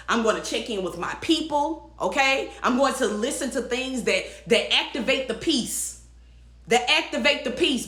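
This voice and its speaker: A weekly livestream host with a somewhat high, slightly bright voice encourages her audience casually and emphatically. She repeats phrases and responds to comments, and the room has an echo.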